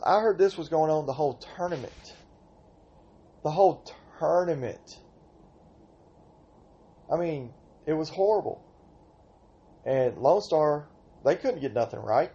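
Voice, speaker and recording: A man's voice: a little high, mellow, lo-fi sound. Exasperated older man ranting. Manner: exasperated storytelling, rhetorical outbursts. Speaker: podcast host and senior softball player. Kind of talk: casual podcast rant.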